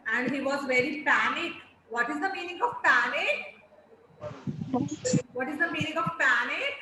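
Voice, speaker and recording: A woman teacher with an Indian English accent, telling a story slowly and expressively to children in an online class. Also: sits high. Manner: slow, expressive storytelling with acted-out pleas. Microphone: video call. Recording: very echoey room with faint noise.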